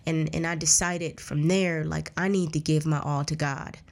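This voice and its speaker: Woman, 30s, slightly low-voiced interview guest; candid, earnest, conversational, with frequent restarts. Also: steady tone, normal speed, gravelly. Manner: acts out others' words in a raised voice. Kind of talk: casual personal storytelling.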